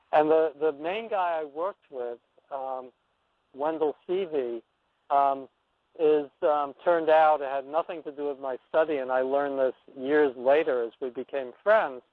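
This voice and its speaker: A man's voice: medium pitch, dry recording. A man in his sixties, an anthropologist guesting on a radio show, telling a story in a reflective, wandering way and often restarting his sentences. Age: 60s. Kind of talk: rambling storytelling on a call-in interview. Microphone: telephone. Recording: dry, tinny phone line.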